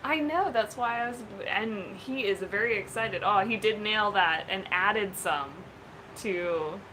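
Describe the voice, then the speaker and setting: A woman's voice: mid-range voice, measured pace, pushed and bright. Casual American woman co-host, thirties, giggly and playful, home room with faint noise. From United States. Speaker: livestream co-host. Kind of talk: casual livestream chat.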